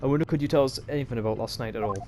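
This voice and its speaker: A man reading a courteous young student from a game, asking careful questions in a hesitant, overly polite way. His pitch sits in the middle, and a steady background noise runs under the voice. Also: very fast, lightly acted. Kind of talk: let's-play dialogue reading.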